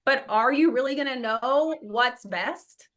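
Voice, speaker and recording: Emphatic bright-voiced woman instructor. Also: high-pitched, unhurried. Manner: emphatic, acts out quoted self-talk. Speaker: exam prep instructor. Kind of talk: motivational class talk.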